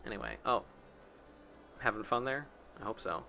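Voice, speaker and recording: A man's voice: lowish voice, lively intonation, normal speed, vocal fry, sharp tone, slight background noise. A man hosting a casual game playthrough, sarcastic and swearing freely. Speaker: host reading game dialogue. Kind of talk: casual let's-play commentary.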